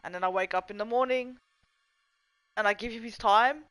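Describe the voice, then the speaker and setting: Hosting a livestream at a moderate pace, a young woman speaks in a slightly high, somewhat bright voice. The audio is rough but echo-free as she chats away casually, swears, fools around, and reads chat messages out loud.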